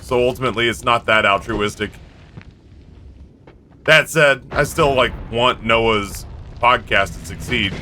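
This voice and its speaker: A man's voice: medium pitch, bright, forceful tone, a little hiss or hum. A man streaming live, telling stories in a rambling, candid way. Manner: rambling, candid storytelling with quick impressions. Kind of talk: casual chat.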